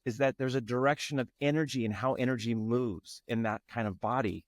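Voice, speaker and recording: A man's voice: medium pitch, fairly quick, no room sound. Earnest man talking in a dry room. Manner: earnest, searching, frequent restarts. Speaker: guest, tantra facilitator. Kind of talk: reflective interview talk.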